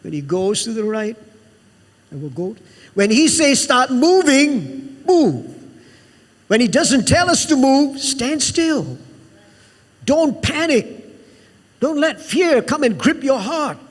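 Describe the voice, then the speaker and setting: A man's voice: very high voice, very animated, unhurried, long pauses, big-room sound. A man pastor preaching a sermon, emphatic and rousing, often calling out for an amen from the congregation. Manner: emphatic preaching with call-and-response asides. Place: church sanctuary.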